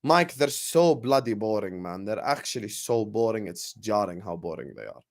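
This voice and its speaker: A young man hosting a live football watchalong, chatting with viewers and calling the play with slangy, excitable banter. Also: fairly low pitch, normal speed. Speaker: watchalong streamer.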